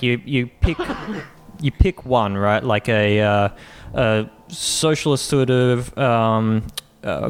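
A man co-hosting a podcast, joking and laughing easily. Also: medium pitch. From Australia. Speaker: podcast co-host. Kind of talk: casual podcast chat.

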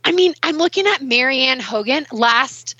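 A young adult woman talking as a guest on a casual podcast interview, animated and emotional, speaking in quick bursts. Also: high-pitched, slightly rough, dry recording. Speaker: guest ultrarunner. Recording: muffled dry recording.

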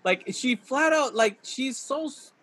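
A man's voice: very high voice, animated, a little slow, fairly bright tone, slight background noise. A man chatting casually about a movie, talking animatedly and acting out scenes in a raised voice.

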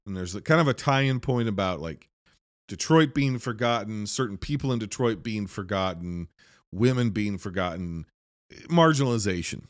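A man with a fairly low voice talks through a horror film's story in a loose, rambling way. He fills his sentences with "like" and restarts. The sound is dry and close, with no room echo. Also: expressive, moderate pace. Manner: rambling, filler-heavy, lots of "like". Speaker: film reviewer. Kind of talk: casual movie recap.

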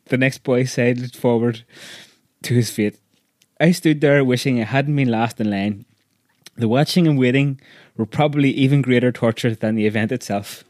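A man's voice: mid-range voice, darkish tone, no room sound. Man reading a story aloud, dry. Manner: measured, vivid storytelling. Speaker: narrator.

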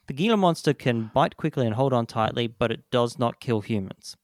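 Man, comedy podcast co-host, easygoing, self-deprecating, mid pitch, dry sound. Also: expressive, brisk, no echo. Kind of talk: casual comedy chat.

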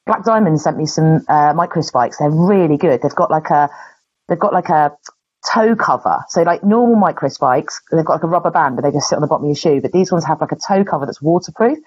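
Husky-voiced woman podcast co-host. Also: low-pitched, a little fast, darkish tone, muffled recording. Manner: chatty and enthusiastic, teasing. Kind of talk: casual chat.

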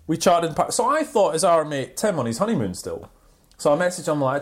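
Lively man cohosting a podcast. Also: on the high side, a little fast. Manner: animated, laughs often, jumps between topics. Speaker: podcast co-host. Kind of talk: casual banter podcast.

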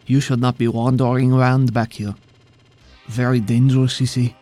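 A man voicing a menacing shadowy humanoid stranger with red eyes, speaking smoothly and smugly with a quiet threat. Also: medium pitch, flat delivery, moderate pace, faint music behind, lightly acted.

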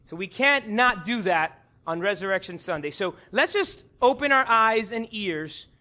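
A pastor in his thirties preaching a sermon, animated and acting out voices in his stories. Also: high-pitched, a little slow.

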